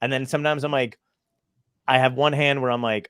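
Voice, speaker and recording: A man's voice: mid-range voice, flat delivery, fast talker, fairly bright tone, no room sound, studio quality. A man hosting a podcast in casual chat, talking in a rambling, restless, self-deprecating way, hyper and scattered. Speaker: podcast host.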